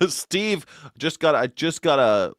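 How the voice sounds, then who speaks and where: American dude hosting a news reaction show, rambling jokey rant, dry close sound. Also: male voice, a little high, big pitch swings, slow pace, dry recording. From United States. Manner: rambling, joking, laughs often. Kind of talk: casual ranting commentary.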